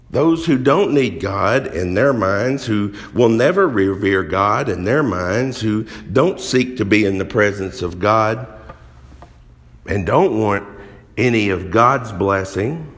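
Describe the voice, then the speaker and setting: A man preaching a sermon in a church hall, earnest and emphatic, drawing out phrases as he reads scripture. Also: fairly low pitch.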